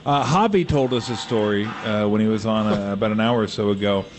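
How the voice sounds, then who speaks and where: A man's voice: on the low side, a little fast, noisy background. A man hosting a sports radio talk show, asking a guest questions in an easygoing, conversational way.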